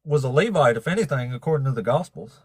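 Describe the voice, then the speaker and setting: A man's voice: mid-range voice, lively intonation, fast talker, husky, no echo, studio quality. A man from North Alabama with a Southern accent, hosting a casual debate livestream in a plainspoken, chuckling way. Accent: Southern American. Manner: laid-back, chuckling, plainspoken. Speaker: host.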